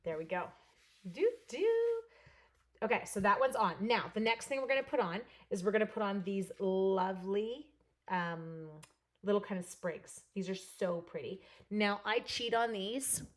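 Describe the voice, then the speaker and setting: A woman from Canada running a live card-making demo, chatting with viewers by name, her voice a little hoarse. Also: mid-range voice, normal speed. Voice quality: slightly hoarse voice. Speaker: stamping and card-making demonstrator. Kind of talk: live crafting demo with chat replies.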